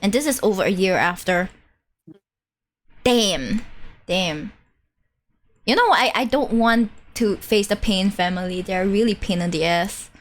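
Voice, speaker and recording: A woman streamer chatting through a game playthrough with animated, giggly, jokey asides. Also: mid-range voice, normal speed, hardly any pauses. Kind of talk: live game playthrough chat.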